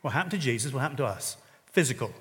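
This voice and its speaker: A man preaching a sermon in an animated way, telling stories and rising suddenly into loud exclamations. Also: medium pitch, racing. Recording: long reverb of a large hall.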